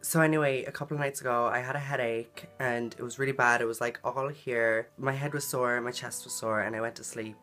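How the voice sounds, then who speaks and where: A woman's voice: a bass voice, steady tone, brisk, few pauses, fairly bright tone, soft background music. A woman vlogging a personal story in a casual, earnest way, full of "like" and "um" fillers. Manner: chatty, filler-heavy, frequent "like" and "um"; earnest and emotional in retelling.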